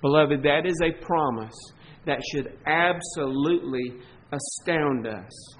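A man with a Southern US accent preaching a sermon as pastor, emphatic, stretching key words and swinging between loud and soft. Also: on the high side, rough recording. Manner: emphatic preaching, swelling and dropping in volume, slow stressed words.

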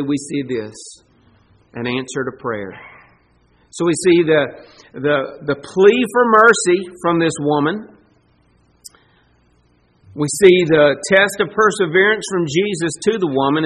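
A man preaching a sermon as pastor, emphatic and swelling louder on his key points. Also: fairly high pitch, lively intonation, measured pace, rough recording.

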